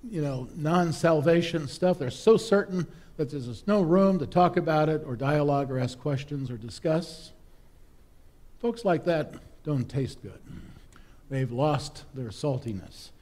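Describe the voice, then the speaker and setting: A man's voice: fairly high pitch, dark tone. Man preaching a conversational sermon. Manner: conversational, humorous, storytelling. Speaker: priest. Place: church.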